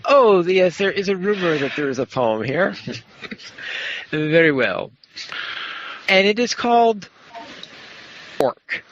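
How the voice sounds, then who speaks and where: A woman's voice: fairly low pitch, big pitch swings, takes it slowly, long pauses. A woman co-hosting a podcast who reads a nonsense poem with giggling, theatrical wordplay. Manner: giggly, theatrical, word-playing. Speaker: podcast co-host reading listener mail. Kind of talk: playful comic poem reading. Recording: dull lo-fi audio with faint noise.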